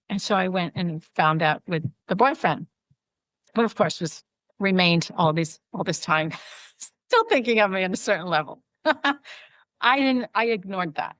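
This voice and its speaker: A middle-aged woman, a podcast guest and author, chatting casually and telling personal stories in an animated way. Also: fairly low pitch, a little slow, no echo. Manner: animated storytelling, chatty asides. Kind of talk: casual chat.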